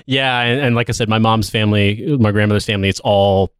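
A man's voice: on the low side, steady tone, fast talker, clean tone, no room sound, clean studio sound. A man co-hosting a podcast in casual chat, laughing often and swearing freely. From United States. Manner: laughs often, loose and profane. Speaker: podcast co-host.

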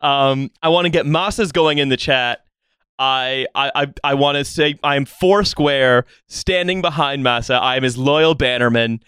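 A man's voice: mid-range voice, moderate pace, a bit bright, clear, resonant tone, dry recording, studio quality. A man hosting a podcast in casual chat, laughing often and swearing freely. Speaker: podcast host.

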